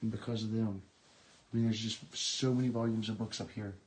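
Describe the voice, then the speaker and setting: A man exploring an abandoned medical building and talking live to viewers on his phone, musing in a hushed, awed way as he reads book titles aloud. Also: fairly low pitch, level tone, fairly quick, poor audio. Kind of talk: rambling live-stream chat.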